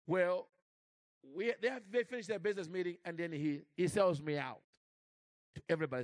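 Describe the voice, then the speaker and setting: A man preaching and telling a story in an animated way, with frequent restarts and repeated words. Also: a little high, fast, no room sound. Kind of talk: sermon storytelling.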